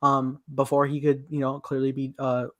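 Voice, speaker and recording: A man's voice: medium pitch, completely flat delivery, moderate pace, fairly bright tone. A young man casually recapping a film on a podcast, loose and rambling, with frequent swearing. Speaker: podcast host. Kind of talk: casual movie review chat.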